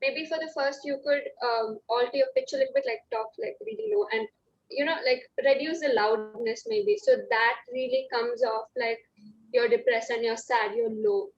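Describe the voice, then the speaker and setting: A woman's voice: a little high, steady tone, moderate pace. A woman, an acting student giving hesitant feedback with many fillers. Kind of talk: class feedback. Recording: lo-fi call audio.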